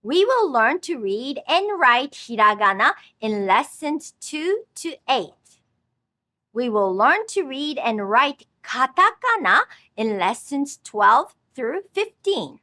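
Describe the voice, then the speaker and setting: A woman teaching a scripted language lesson, speaking slowly and clearly, with words spoken twice for the listener to repeat. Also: sits high, very animated, pushed and bright, no room sound. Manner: slow, careful, clearly enunciated instruction.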